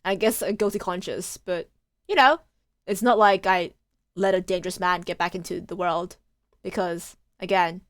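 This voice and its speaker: A woman's voice: fairly low pitch, normal speed, no echo, studio quality. A woman, rambling animatedly in casual commentary over a game she is playing. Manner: animated, rambling, swears freely. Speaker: let's play streamer.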